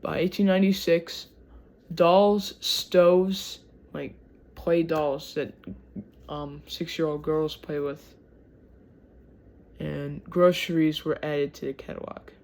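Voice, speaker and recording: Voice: medium pitch, fairly even intonation, slow pace, darkish tone. A speaker from Michigan with a Michigan accent, reading history aloud and breaking off into chatty asides, often stumbling over words. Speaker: channel host.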